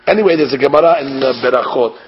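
A man giving an animated sermon, asking rhetorical questions and mixing in Hebrew terms. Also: mid-range voice, racing, over music. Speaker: rabbi giving a Torah class. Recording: dull lo-fi recording.

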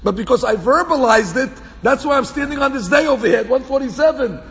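High gravelly-voiced man teaching a class. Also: quick pace. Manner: animated, repeats phrases for emphasis, mixes in Hebrew quotes. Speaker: Torah teacher. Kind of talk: Torah class lecture. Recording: echoey hall, dull lo-fi sound with faint background hum.

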